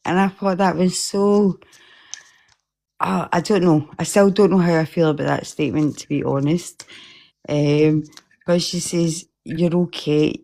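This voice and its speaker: Woman with a slightly low voice, rambling and emotional, a caller on a live stream. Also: steady tone, a little slow, gravelly, dark tone. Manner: emotional, rambling, laughs often. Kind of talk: casual chat.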